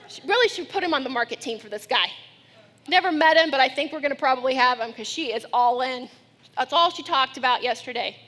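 A middle-aged woman pastor preaching a sermon, telling family stories with lively acted-out quotes. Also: sits high, fast talker. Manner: storytelling, animated when acting out her daughter.

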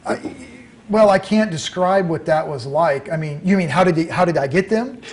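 Animated middle-aged man telling a story. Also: on the high side, moderate pace, slight background noise. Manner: animated storyteller acting out quoted dialogue. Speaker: author and guest. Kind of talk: storytelling interview.

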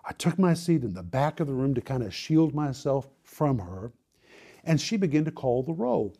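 A man preaching, telling his own story dramatically, with quick bursts and slow, emphatic lines. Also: medium pitch, very animated, creaky, mellow, slightly rough. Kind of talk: sermon testimony storytelling.

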